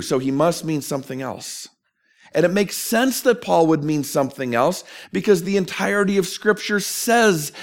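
A man preaching a sermon as a pastor, earnest and emphatic, asking questions of his listeners. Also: a little high.

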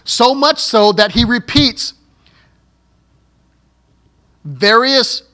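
A man's voice: sits high, slow, sharp tone. A male pastor preaching a sermon, with joking asides and laughing at his own slips.

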